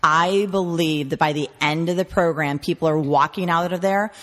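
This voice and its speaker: Her voice is deep and her pace moderate. She's a guest on a conversational interview, a referral marketing trainer who lists words and tells stories emphatically, and the audio carries a long hall reverb.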